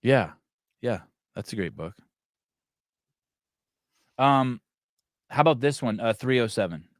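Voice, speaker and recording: A man's voice: mid-range voice, expressive, slow pace, no room sound. Guy hosting a podcast, crude jokes, laughs a lot, dry close sound. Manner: crude, joking, laughs often. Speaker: podcast host. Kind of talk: casual podcast chat.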